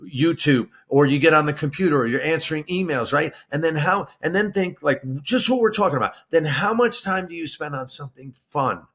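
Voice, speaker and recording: A man's voice: a little high, lively intonation, a little fast, hardly any pauses, a bit bright. A middle-aged man co-hosting a podcast in casual chat, talking in repeated phrases and rhetorical questions. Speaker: podcast co-host.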